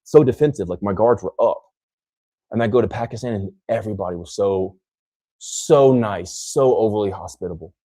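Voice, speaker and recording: An American man with a low, mellow voice, rambling through a relaxed podcast conversation. He trips over restarts and slips into acting out what others say. The sound is dry and close. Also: normal speed, no room sound. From United States. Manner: rambling, many restarts, acts out other people in quotes. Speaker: podcast host. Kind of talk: casual podcast chat.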